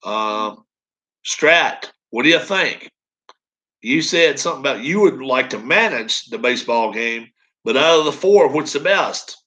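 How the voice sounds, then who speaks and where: A man's voice: mid-range voice, expressive, a little slow, pushed and bright, rough recording. A man hosting a casual live stream, chatting with viewers and laughing often.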